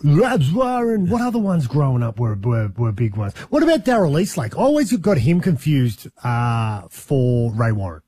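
Husky, animated radio host. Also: male voice, mid-range voice, normal speed, hardly any pauses, dry recording. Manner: playful, teasing. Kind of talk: casual radio banter.

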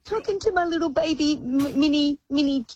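A woman's voice: high voice, a little fast, muffled recording, lightly acted. A woman putting on a gushing baby-talk voice, cooing in a sing-song way. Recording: noisy line.

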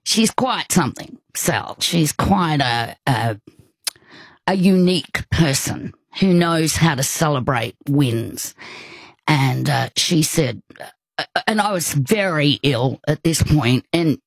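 An older woman, telling a personal story in casual conversation, rambling warmly with restarts and asides. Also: low-pitched, lively intonation, takes it slowly, breathy edge, no echo.

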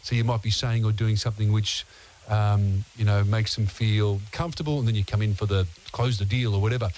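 Rambling radio host. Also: male voice, fairly low pitch, steady tone, a little fast, darkish tone, slight background noise. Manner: rambling, hesitant questions with many fillers. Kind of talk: radio interview.

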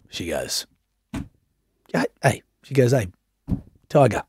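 Lively husky Australian radio host. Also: male voice, medium pitch, a little slow, pauses often. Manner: animated storyteller acting out everyone's lines. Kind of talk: breakfast radio chat, telling a story.

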